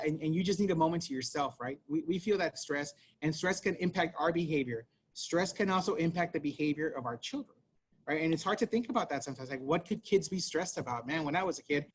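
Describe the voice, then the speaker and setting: Fast-talking man leading an online workshop. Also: fairly high pitch, lively intonation, a little hiss or hum. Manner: talks fast, conversational, many fillers and "right?". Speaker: parent workshop presenter. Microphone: video call.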